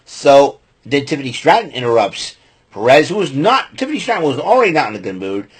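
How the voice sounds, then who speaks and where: A man's voice: medium pitch, very animated, fairly quick, slightly rough. A man hosting a podcast, giving a rambling casual recap with lots of fillers and restarts and blunt opinions. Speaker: podcast host recapping wrestling.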